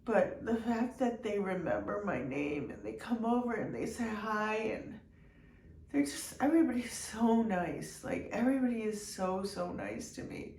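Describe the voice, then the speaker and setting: A woman hosting her own video diary, speaking in an emotional, halting way with many restarts and fillers. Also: medium pitch, lively intonation, darkish tone. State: tearful at times. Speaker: channel host. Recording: echoey room, somewhat far from the mic, faint background noise.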